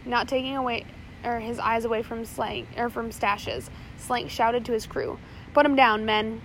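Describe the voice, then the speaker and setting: A woman narrating an audiobook chapter in a steady reading voice, with occasional small slips. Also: fairly high pitch, moderate pace, slight background noise, poor audio.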